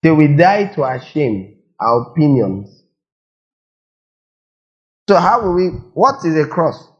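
A man's voice: fairly high pitch, very animated, slow, lo-fi sound. A man preaching a sermon, firing rhetorical questions and repeating lines for emphasis. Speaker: pastor.

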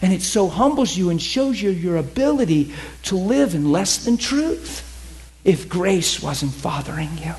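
A middle-aged man with a notably high-pitched voice teaches a class in the style of a sermon. He tells personal stories with animated emphasis and laughs often. He keeps asking his listeners whether they get it. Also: a little slow. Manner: emphatic, asks listeners questions.

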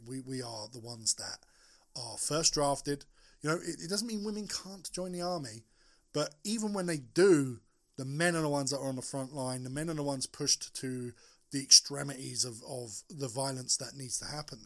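A man's voice: medium pitch, moderate pace, a bit bright. A man co-hosting a podcast, talking bluntly and emphatically in casual chat, swearing often. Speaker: podcast co-host.

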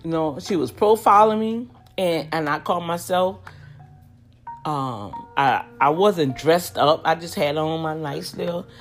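A woman telling a story to her viewers in a lively, chatty way, talking straight to them. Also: sits low, measured pace, soft background music.

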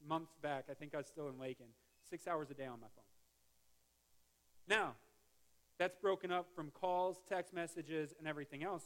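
A man's voice: a little high, fairly bright tone. A male pastor giving a conversational sermon, with joking asides and restarts. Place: church sanctuary.

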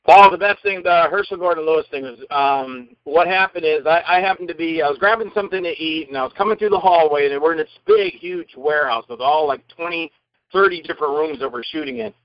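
A man, an actor being interviewed, telling animated and rambling anecdotes in casual conversation. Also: on the high side, fairly quick, no room sound, highs cut off. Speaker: guest actor.

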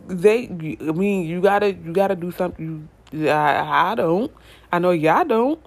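A young adult woman with a slightly low voice gives a casual tarot reading. She is chatty and animated, repeats herself, and talks straight to her viewers as y'all. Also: a little slow, vocal fry. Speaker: tarot reader.

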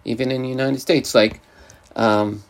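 Man, New York accent, casual podcast host, rambling, lots of um and uh, mid pitch. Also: fairly even intonation, moderate pace. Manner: rambling, many fillers and restarts. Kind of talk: casual chat.

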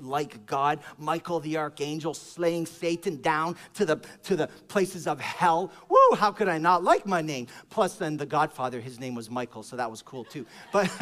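A male pastor preaching a sermon, swinging between shouted praise and hushed, joking storytelling. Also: fairly high pitch.

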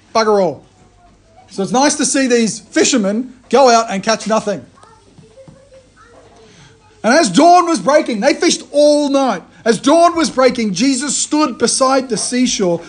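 A man giving a conversational sermon, retelling a story in a lively way and often restarting his phrases. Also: high voice. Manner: animated storytelling, frequent restarts. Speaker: preacher.

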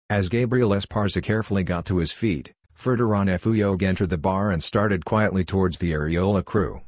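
Low husky male audiobook narrator. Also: a little fast, hardly any pauses, no room sound, studio quality.

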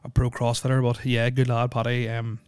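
With a completely flat delivery, this solo podcast host talks briskly in a smooth, medium-pitched male voice, recorded with no echo. His casual chat rambles along with plenty of ums and dry jokes.

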